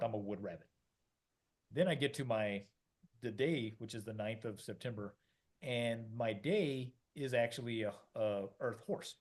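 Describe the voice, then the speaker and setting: A man's voice: fairly low pitch, darkish tone. A middle-aged man, a podcast co-host, explaining ideas in a rambling casual way, with many fillers and restarts, often acting out quoted voices.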